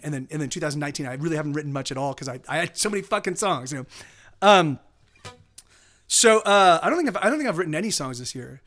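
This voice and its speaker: A man's voice: on the high side, a bit bright. A man musician chatting casually on his live stream, rambling with many restarts, cursing and greeting viewers. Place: home streaming setup in Austin.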